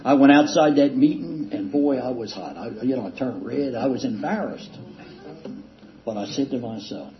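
A man's voice: medium pitch, crowd noise. Older man telling a rambling recovery story. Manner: rambling, self-deprecating, with halting restarts and chuckles. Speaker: speaker sharing a recovery story. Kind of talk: casual storytelling talk. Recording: dull lo-fi recording with faint hiss.

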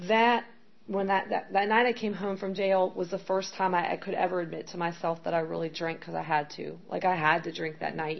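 Gravelly low-voiced woman giving candid testimony. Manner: candid, rambling with frequent "like" and "um". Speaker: speaker sharing her recovery story. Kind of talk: personal testimony. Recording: dull lo-fi sound with faint background noise.

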